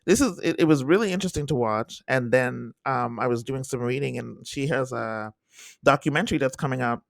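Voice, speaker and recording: A man co-hosting a podcast in casual chat, animated and repeating himself as he talks in bursts. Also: medium pitch, a little fast, vocal fry, no room sound, clean studio sound. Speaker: podcast co-host.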